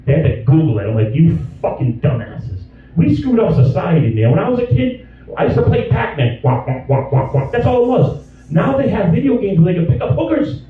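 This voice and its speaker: A man in his fifties doing a crude, rambling stand-up set and bursting into loud exasperated rants. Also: high-pitched, big pitch swings, brisk, faint music behind. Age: 50s. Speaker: stand-up comedian. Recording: distant, dull audio in an echoey club.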